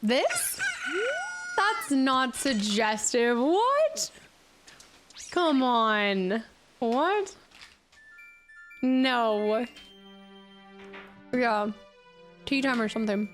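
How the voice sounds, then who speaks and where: Brief: young woman streamer, high voice, unhurried and giggly, slightly hoarse, game music behind. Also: big pitch swings, fairly bright tone. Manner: giggly, chatty, talks to her cat. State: voice going hoarse, clears throat. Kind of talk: casual gameplay chat.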